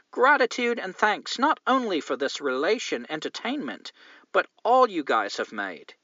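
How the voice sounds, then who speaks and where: A man reading a female listener's letter aloud in a put-on English accent, pitched high and earnest. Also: bright, forceful tone, dry recording, muffled recording, full character voice.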